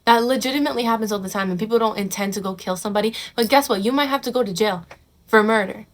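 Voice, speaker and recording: A woman's voice: mid-range voice, fast talker. A young woman talks straight to camera in a casual advice vlog. She is blunt and sassy, tossing in "honey" and "bro" and swearing without a second thought. Now and then she drops into a mocking voice to imitate the people she is making fun of. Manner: mocks others in quoted put-on voices. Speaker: vlogger giving advice.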